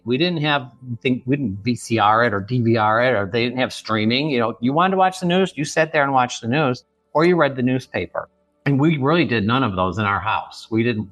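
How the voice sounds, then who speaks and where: A man in his fifties from the Chicago area, telling a family story as a guest on a podcast, earnest and halting. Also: medium pitch, a bit bright, dry recording. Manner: earnest, halting, many restarts. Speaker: author guest. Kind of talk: podcast interview.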